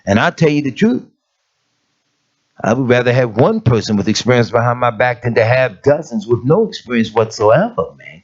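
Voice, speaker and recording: A middle-aged man preaches in an emphatic, street-plain way, pressing his points home and calling on the congregation directly. His voice sits at an ordinary pitch for a man. The recording is dull and lo-fi. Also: big pitch swings, normal speed. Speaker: elder of an assembly. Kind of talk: conversational sermon.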